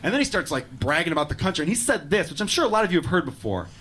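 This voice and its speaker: A man's voice: fairly high pitch, big pitch swings, rapid-fire, fairly bright tone, breathy edge. A man doing a stand-up set with a brash, profane, punchy delivery. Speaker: stand-up comedian.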